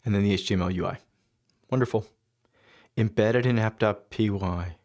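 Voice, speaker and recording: Guy w a lowish voice livestreaming code, thinking out loud, mumbly little asides. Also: normal speed. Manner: musing, half-muttered asides to himself. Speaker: developer livestreaming his coding. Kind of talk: casual thinking-aloud commentary.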